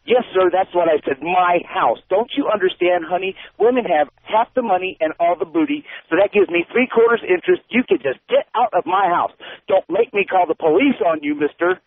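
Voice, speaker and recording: A male caller voicing a jealous, bossy wife who accuses her husband in a shrill, swooping voice. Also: lively intonation, fairly quick, no echo. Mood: accusing. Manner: shrill mock falsetto, swinging up and down. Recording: tinny phone line, dry.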